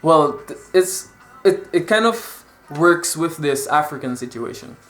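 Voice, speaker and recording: Animated young man telling stories. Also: on the high side, a little slow, roomy sound, faint music behind. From Dominica. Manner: animated, repeats words, acts out quotes. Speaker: vlogger. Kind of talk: casual storytelling vlog.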